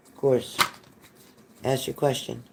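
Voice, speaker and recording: A man's voice: medium pitch, little pitch movement, slow pace, creaky, noisy background. A man hosting a live-stream psychic reading, reassuring and folksy, repeating phrases and calling viewers honey. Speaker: psychic reader.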